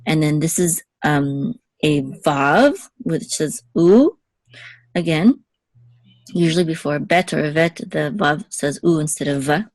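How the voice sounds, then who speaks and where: Low-voiced woman teaching Hebrew patiently. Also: slow, darkish tone, no room sound. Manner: patient, checks in with okay. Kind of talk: one-on-one language lesson.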